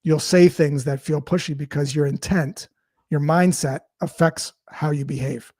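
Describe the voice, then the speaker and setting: A man's voice: a little high, fairly even intonation, moderate pace, a little mellow, no echo, clean studio sound. A man being interviewed as a sales expert, explaining his ideas through anecdotes and quoted dialogue. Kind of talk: conversational interview storytelling.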